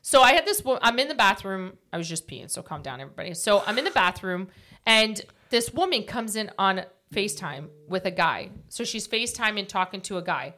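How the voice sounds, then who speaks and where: A woman's voice: medium pitch, very animated, fairly quick, bright, forceful tone. A woman co-hosting a casual podcast, telling stories and acting out quotes. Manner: chatty storyteller, acts out quotes. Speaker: podcast co-host.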